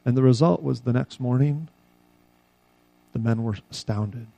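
A male pastor preaching a sermon, telling stories and dropping soft at the ends of lines. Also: medium pitch, measured pace, gravelly, no echo, poor audio.

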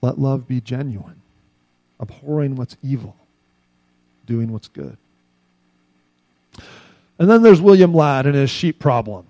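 A male pastor preaching a sermon, telling stories and dropping soft at the ends of lines. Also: medium pitch, expressive, a little slow, long pauses, no echo, muffled recording.

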